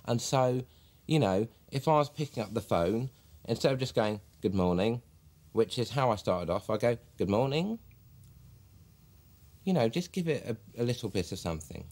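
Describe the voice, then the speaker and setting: An actor playing a stiff, self-important publisher who became a wooden amateur actor, giving a deadpan mock documentary interview. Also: male voice, medium pitch, normal speed. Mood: smug. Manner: deadpan, pompous.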